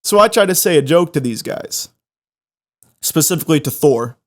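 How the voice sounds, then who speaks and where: A young man hosting a podcast, telling a funny story in an animated, self-mocking way. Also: on the high side, normal speed. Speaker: podcast host. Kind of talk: comedic storytelling.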